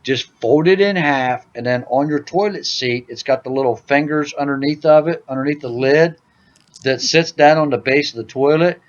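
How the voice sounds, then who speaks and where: A loud, joking podcast host tells stories in a casual gaming chat, saying "dude" a lot. His voice is a little high at normal speed, and the recording has its highs cut off.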